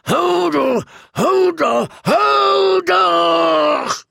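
A man narrating a fantasy novel in a measured storytelling manner. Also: medium pitch, vocal fry, no echo, clean studio sound. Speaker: audiobook narrator.

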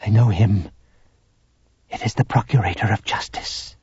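A man's voice: on the low side, normal speed, dark tone, slightly rough, no room sound. A man reading an audiobook, voicing a wary woman who speaks in a neutral, guarded tone. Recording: dull lo-fi audiobook recording.

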